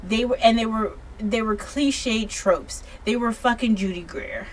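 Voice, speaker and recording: A woman's voice: fairly high pitch, unhurried, slight background noise. A tipsy woman giving a casual book review, rambling and swearing freely, often restarting her sentences.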